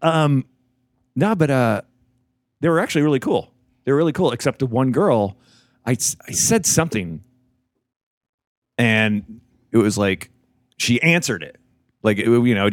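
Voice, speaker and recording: A man, a comedian, chatting casually in a hotel room in a relaxed way. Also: medium pitch, fairly quick, long pauses, no echo, clean studio sound. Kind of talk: casual chat.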